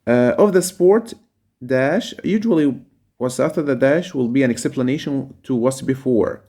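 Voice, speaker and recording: A male teacher working through a reading passage, reading lines aloud and stopping to explain vocabulary. His pitch sits in a middle range, and he often pauses with fillers as he thinks. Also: warm tone.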